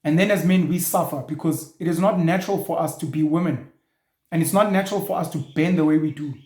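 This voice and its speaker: A man's voice: a little high, fast talker, a little mellow. Blunt ranting man, echoey room. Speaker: show host. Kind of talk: opinionated monologue.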